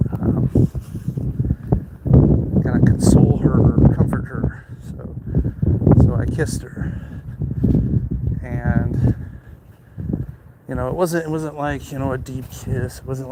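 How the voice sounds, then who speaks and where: A man casually telling a story while walking outdoors, rambling with many fillers and restarts. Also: medium pitch. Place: outdoors on a walk. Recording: loud outdoor noise.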